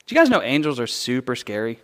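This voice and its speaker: A man preaching a conversational sermon, explaining scripture in an animated, chatty way with playful asides. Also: medium pitch, fast talker.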